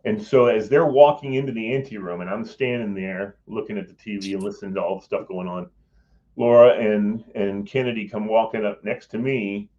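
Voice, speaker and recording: This ex-Capitol Hill staffer has a lowish, darkish voice and moves at a moderate pace. Casual and meandering, he curses a bit and plays out quoted lines from others as he shares a personal story over dull lo-fi sound.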